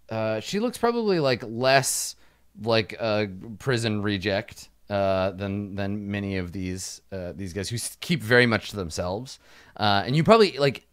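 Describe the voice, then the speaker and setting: A man's voice: mid-range voice, clear, resonant tone. A man narrating as game master of a tabletop game, rambling with fillers and restarts.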